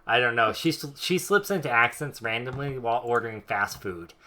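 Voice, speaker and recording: A young man commenting casually on his game, joking and thinking out loud. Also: mid-range voice, lively intonation, a little fast. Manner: joking, chatty, thinks aloud. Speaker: streamer.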